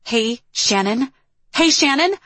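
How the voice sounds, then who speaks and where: A woman's voice: fairly low pitch, animated, moderate pace, a bit bright, dry recording. A woman voicing a young woman who is a blunt, worried best friend, pressing for answers. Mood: exasperated.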